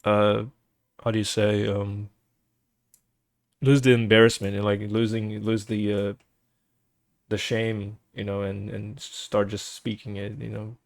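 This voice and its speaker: A man's voice: on the low side, flat delivery, a little slow, gravelly, pauses often, no room sound. Brazilian-accented man chatting with viewers. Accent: Brazilian Portuguese. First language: Portuguese. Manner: rambling and hesitant, full of restarts and "like". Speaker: streamer. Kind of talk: casual chat with stream viewers.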